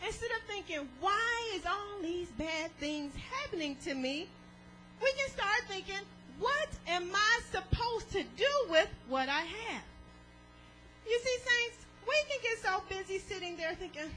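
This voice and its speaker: A woman preaching a sermon in an animated way, laughing often and drawing the congregation into call and response. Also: very high voice, a little slow, faint music behind, rough recording.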